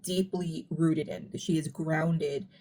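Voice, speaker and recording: A woman talking through her reading of an album in a casual, earnest, reflective way, speeding up when she gets animated. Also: low-pitched, slow, a little hiss or hum. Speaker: music commentary YouTuber. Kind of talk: casual analytical commentary.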